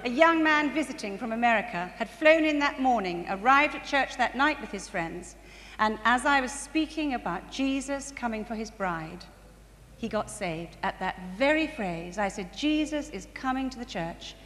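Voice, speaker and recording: A woman telling church stories in sermon style, animated and quick to laugh. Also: on the high side. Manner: animated, laughs often, rising to bursts of excitement. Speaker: speaker at a church conference. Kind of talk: sermon-style testimony storytelling. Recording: distant reverberant hall recording with faint ambient noise.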